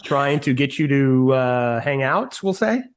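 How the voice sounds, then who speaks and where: A woman's voice: very deep voice, animated, a little slow. A woman podcast host from California who reacts to a guest's story with short, wry interjections in casual chat.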